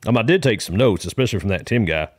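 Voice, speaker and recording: A man's voice: fairly low pitch, animated, rapid-fire, no echo, studio quality. A man calling in to a comedy podcast, telling a meandering story in a folksy manner with rural grammar. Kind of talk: rambling comic monologue.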